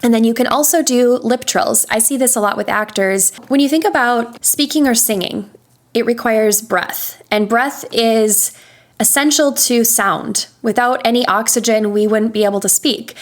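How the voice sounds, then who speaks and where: A woman voice coach in a podcast interview, patiently explaining vocal warm-up exercises and demonstrating hums and sighs. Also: a little high, moderate pace.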